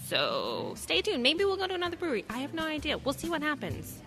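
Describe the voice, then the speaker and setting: A woman's voice: sits high, huge pitch swings, quick pace, creaky, a bit bright, soft background music. A woman hosting a casual road trip podcast, talking animatedly and laughing often from inside a moving car. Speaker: podcast host.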